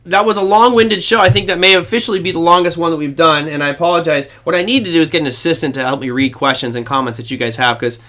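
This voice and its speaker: A man's voice: on the high side, fairly even intonation, quick pace, hardly any pauses, sharp tone. A man hosting a trading show, giving casual, rambling market commentary to his viewers with a self-deprecating touch.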